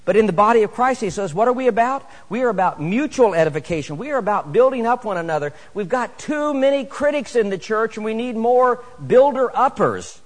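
A middle-aged man delivers a sermon in a church. His voice sits high for a man, and it rings out with a long echo through the hall. He is animated and builds to emphatic appeals. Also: brisk, few pauses. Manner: animated, rising to emphatic exhortation. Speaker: preacher. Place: church sanctuary.

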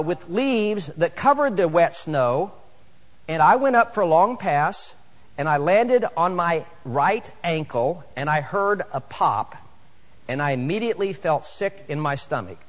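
A middle-aged man delivers a sermon in a church. His voice sits high for a man, and it rings out with a long echo through the hall. He is animated and builds to emphatic appeals. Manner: animated, rising to emphatic exhortation. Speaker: preacher. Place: church sanctuary.

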